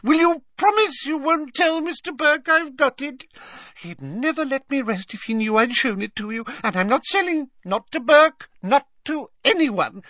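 A man's voice: very high voice, expressive, normal speed, sharp tone, dry recording, studio quality, pitched above the performer's own voice, exaggerated voice. Man putting on a simpering old rich lady. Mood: coy gushing. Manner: simpering, coy, gushing.

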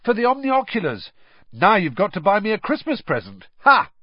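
A man doing a yelling, excited teenage boy. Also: normal speed, dry recording, muffled recording, heavily acted. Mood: gleeful. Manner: shouting gleefully, high and loud.

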